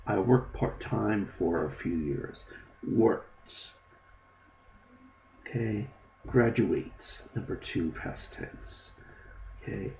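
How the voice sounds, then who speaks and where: A man, an English teacher, walks through a textbook lesson one step at a time. His sentences often trail off softly. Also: on the low side, creaky, slight background noise, rough recording. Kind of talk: recorded online textbook lesson.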